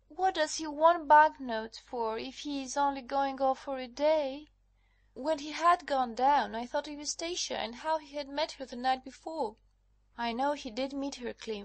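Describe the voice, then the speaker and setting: A woman voices a frightened young wife, out of breath and pleading for help in an audiobook drama. Her voice sits high and bright, and the recording is close and dry with no room sound. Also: no echo. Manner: breathless, urgent.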